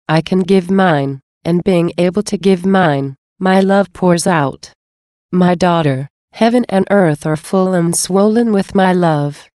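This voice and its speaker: A woman reading aloud from a devotional text in a slow, earnest, measured way. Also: on the low side, mellow, dry recording, studio quality. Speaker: devotional reader.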